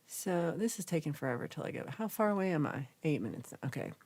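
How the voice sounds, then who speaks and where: A young woman chats through her livestream, reading out viewer comments and reacting as she goes. Her voice sits low, yet her pitch swings widely and animatedly. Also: fast. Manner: chatty, reacts with gasps and laughs, animated. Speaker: livestream host reading chat. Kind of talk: casual livestream chat.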